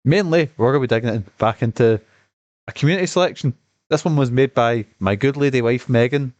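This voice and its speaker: A man streaming and chatting about a game he has just finished, rambling and swearing with lots of excitement. His voice sits at an ordinary mid pitch and has a slight cough. The sound is close and dry. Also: a little fast, no echo, highs cut off. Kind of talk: casual gaming stream commentary.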